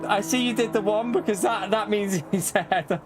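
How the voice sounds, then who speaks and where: Excitable British man with a high voice. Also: normal speed, music in the background. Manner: excitable, laughs often, swears when shocked. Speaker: gaming live streamer. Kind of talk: casual live-stream chat to viewers.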